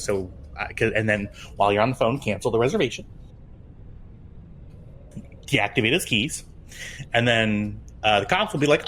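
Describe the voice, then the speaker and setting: A man in casual chat, telling a story with swearing, laughter and animated quoting. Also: on the low side, moderate pace, pauses often, a little hiss or hum.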